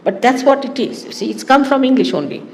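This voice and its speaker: A woman giving a spiritual talk to her followers in an animated, teasing way, often laughing. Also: high voice, fast, in a large hall, a little hiss or hum. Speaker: spiritual teacher.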